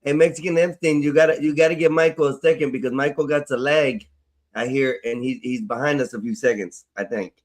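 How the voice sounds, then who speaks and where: A man's voice: mid-range voice, fairly even intonation, fairly quick. A man hosting a live call-in stream, talking loosely in casual slang. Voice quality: loose, laid-back talk with street slang. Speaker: stream host.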